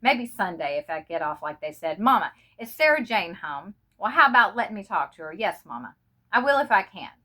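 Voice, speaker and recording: A young Southern army lieutenant, homesick and drawling, softening on the phone and then turning hard and firm, as a woman reading a story puts him on. The voice sits at a middle pitch with a bright, forceful edge. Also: very animated, fairly quick. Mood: earnest.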